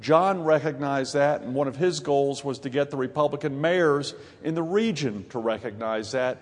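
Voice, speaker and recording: A man's voice: mid-range voice, moderate pace. A middle-aged man with a Southern US accent, a mayor giving a folksy, joking conference speech. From grew up in Ohio and North Carolina. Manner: folksy, joking, gets louder and more emphatic. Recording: long hall reverb.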